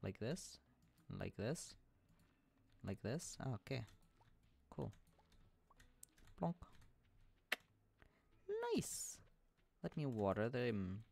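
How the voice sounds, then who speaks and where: Slow, gravelly man singing to himself. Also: fairly low pitch, expressive, a little mellow, no echo. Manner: sing-song, hums and chants his actions; playful, muttering to himself. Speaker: game streamer. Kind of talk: casual gameplay streaming.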